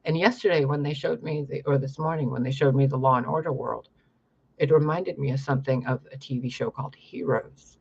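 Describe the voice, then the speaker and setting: A man's voice: medium pitch, brisk, creaky, breathy edge, lo-fi sound. A young man talking in a rambling, profane monologue to camera about his spiritual visions. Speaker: spiritual vlogger.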